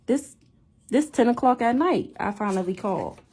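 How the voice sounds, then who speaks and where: A young woman telling a story in a casual vlog rant, animated and incredulous, repeating herself. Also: fairly high pitch, normal speed, a little hiss or hum. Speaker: vlogger.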